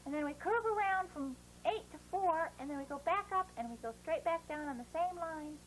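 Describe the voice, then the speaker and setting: Someone voicing a squeaky, bouncy puppet teacher. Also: a little fast, fairly bright tone, a little hiss or hum, rough recording. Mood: cheery. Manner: bouncy, encouraging, sing-song. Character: cheerful puppet boy teaching letters. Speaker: children's handwriting teacher. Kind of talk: playful kids' lesson.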